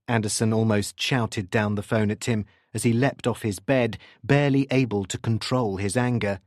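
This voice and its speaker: A man reading a crime thriller audiobook in a steady, expressive narration on a close studio mic. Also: on the low side, normal speed, few pauses, dry recording.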